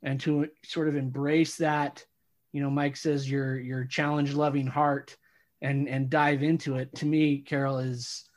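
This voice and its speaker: A man co-hosting a podcast who speaks in a reflective, halting way with frequent restarts while chatting with a guest. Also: mid-range voice, level tone. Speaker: podcast co-host. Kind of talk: casual interview chat.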